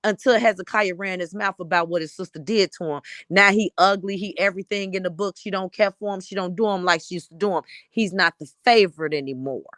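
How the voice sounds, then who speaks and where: A fiery woman panelist rants in heated live-stream commentary, blunt, profane, and fired up. Her voice is lowish with a fairly bright tone and no echo.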